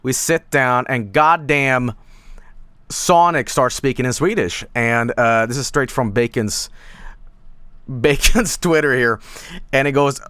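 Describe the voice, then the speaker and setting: A man's voice: medium pitch, slow pace, sharp tone, clear, resonant tone, no echo. Rambling man streamer, dry close mic. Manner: rambling, many fillers and restarts, swears casually. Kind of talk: casual stream chat.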